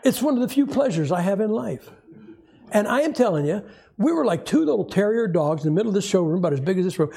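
A middle-aged male preacher with a fairly high, husky voice and a mellow, dark tone. He delivers a sermon in a storytelling style, wry and animated. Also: fast talker. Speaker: pastor.

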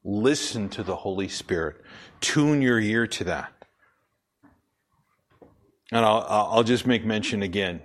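Emphatic lower-voiced male preacher. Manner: emphatic, slows down to stress points, asks and answers questions. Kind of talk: sermon.

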